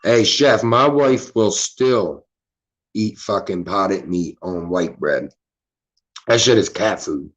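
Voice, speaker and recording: A man's voice: lowish voice, animated, slow pace, dull audio. Laid-back Philly man chatting on stream. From Philadelphia. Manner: laid-back, profane, reading chat aloud. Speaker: livestream host. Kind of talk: casual livestream chat.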